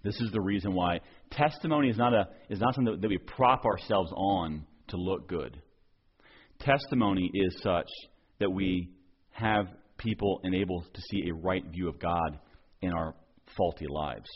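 A low-pitched, husky man preaches a sermon in an earnest, pressing way, often doubling back on words as he goes. The recording is dull and lo-fi, with the top end rolled off. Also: moderate pace. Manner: earnest, repeats and restarts words while preaching. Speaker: pastor.

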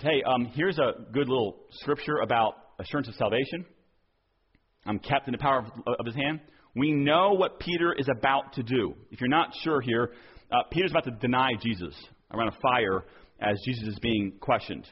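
A male pastor preaching a sermon earnestly, acting out quoted dialogue and dropping softer on key points. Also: medium pitch, lively intonation, a little fast, slightly rough, muffled recording.

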